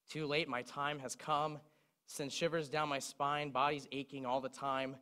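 A man's voice: medium pitch, moderate pace, clean tone. A young man preaching a sermon, retelling song lyrics as he speaks. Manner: recites song lyrics in a speaking voice, lively storytelling.

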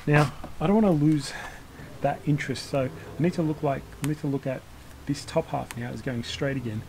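Slightly high and a bit fast, his gravelly voice comes through over a noisy background. He runs a bonsai channel and chats loosely during a hands-on demo, wandering off track, fixing his own words, and giving little chuckles while working.

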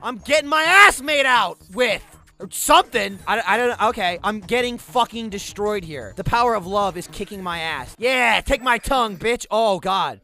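Male gameplay commentator, high and lively, swears nonstop, sarcastic, yells at the game. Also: normal speed, soft background music. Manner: sarcastic, excitable, swears constantly, erupts into shouts. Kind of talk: profane comedic gameplay commentary.

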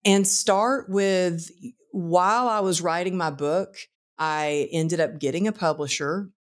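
A woman guest author telling a personal story in casual conversation, animated and acting out the voices of people in it. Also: fairly low pitch, slow. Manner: animated, acts out quotes in the story.

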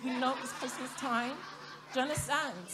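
A woman's voice: high-pitched, fairly even intonation, normal speed, background noise. Playful woman doing stand-up. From African heritage, grew up in Britain. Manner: playful, questions the crowd, chatty. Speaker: stand-up comedian. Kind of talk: stand-up comedy set. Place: theatre stage before a live audience.

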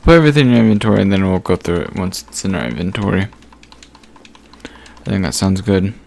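A man giving casual gameplay commentary, thinking aloud as he sorts through items with frequent pauses and fillers. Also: deep voice, expressive, gravelly, darkish tone. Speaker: gaming channel host.

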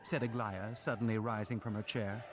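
This audiobook narrator, whose voice sits on the low side, reads a classic novel aloud with a measured, expressive delivery. High frequencies are missing from the audio.

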